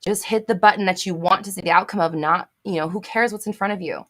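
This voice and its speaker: A woman with a fairly low, fairly bright voice hosts a live Q&A stream, talking fast as she reads out viewer comments and answers them bluntly. She repeats herself for emphasis, swears and laughs at herself.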